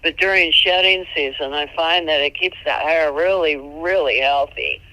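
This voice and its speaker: A woman mule trainer giving casual, folksy advice, chatty and quick to laugh, sometimes jumping into high, playful tones. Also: sharp tone, no room sound, rough recording. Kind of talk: casual instructional chat.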